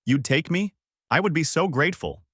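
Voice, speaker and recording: A man's voice: a little high, lively intonation, normal speed, a bit bright, breathy edge, no echo, clean studio sound, voice pushed up. A man voicing a timid, polite giant turtle in a fan-made story, speaking in a meek, shaky way.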